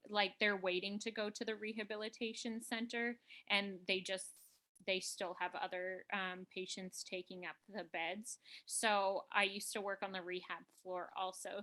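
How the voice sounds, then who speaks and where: A woman's voice: mid-range voice, bright, forceful tone. A woman who works with patients in rehab, explaining in a casual, chatty way with many fillers on a video call. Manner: casual, full of "like" and "um". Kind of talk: professional discussion on a video call.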